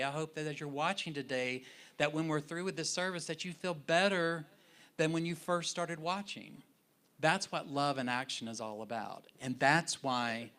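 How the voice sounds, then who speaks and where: Male minister, bright voice, chatty sermon storytelling in a church sanctuary. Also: medium pitch. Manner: warm conversational storyteller, animated in retellings.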